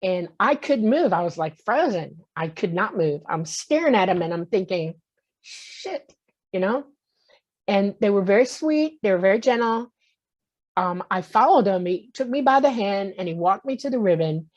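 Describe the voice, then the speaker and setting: A woman's voice: medium pitch, lively intonation, moderate pace. A woman in her sixties telling a personal story as a guest on a talk show. She acts out the voices in her story and keeps checking in with "okay?". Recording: muffled lo-fi audio.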